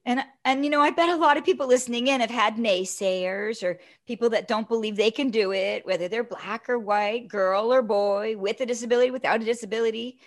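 High-voiced woman telling a story. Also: a little fast, hardly any pauses. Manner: animated, chatty, often adds "right?". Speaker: guest. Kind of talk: personal storytelling in conversation.

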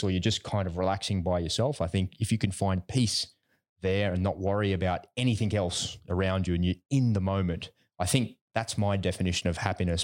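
A man's voice: deep voice, darkish tone. A middle-aged man in a casual podcast chat, telling personal stories in a conversational way. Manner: storytelling, conversational.

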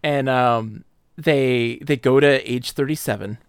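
A man co-hosting a podcast, retelling a book's plot in casual chat, jumping into quick character voices. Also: mid-range voice, clear, resonant tone, dry recording. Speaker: podcast co-host.

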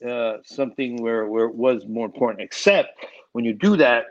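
Speaking at normal speed in a mid-range voice, this male filmmaker rambles casually through animated stories during an interview, restarting often. The recording has its highs cut off.

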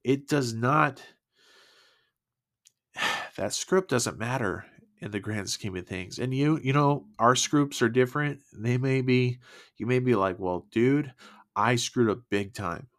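Earnest man giving a halting testimony. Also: mid-range voice, a bit bright. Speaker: person sharing his faith testimony. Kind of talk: personal faith testimony.

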